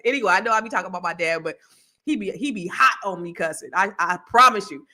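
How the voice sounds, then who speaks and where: A woman talking casually on a podcast, chatty and energetic, breaking into laughs and quick side notes. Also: medium pitch. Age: adult with children. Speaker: podcast co-host.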